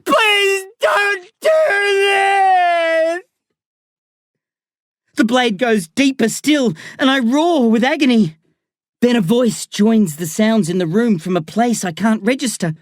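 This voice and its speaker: A woman reading a first-person story as an audiobook narrator, in a slow, tense, dramatic way. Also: mid-range voice, mellow, no echo, studio quality.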